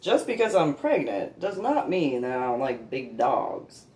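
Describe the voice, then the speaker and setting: A woman's voice: big pitch swings, unhurried, a little mellow. Rambling woman in an echoey room. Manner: laughs often and acts out quotes in a high babyish voice. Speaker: storyteller. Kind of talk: rambling personal anecdote. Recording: echoey room, far from the mic.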